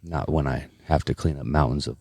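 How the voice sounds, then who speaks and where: A man chatting casually on a podcast, telling profane, animated stories full of fillers. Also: very deep voice, a little fast, vocal fry, slight background noise. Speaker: podcast host. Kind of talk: casual chat, storytelling.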